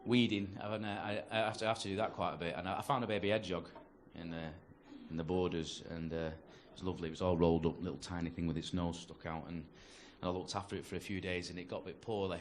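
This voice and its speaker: A low-voiced man with a Northern English accent from North-West England does stand-up on a comedy club stage, telling sweary, conversational stories into a handheld mic. He talks fast with few pauses and a fairly even intonation. It's a noisy live club recording with audience laughter in the background.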